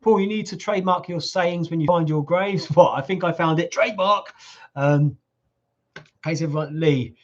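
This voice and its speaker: A man's voice: a little high, moderate pace. Chatty man on a lo-fi livestream. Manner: jokey, teasing, chatty. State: voice going hoarse. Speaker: livestream host reading viewer comments. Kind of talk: casual live Q&A chat. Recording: lo-fi livestream audio.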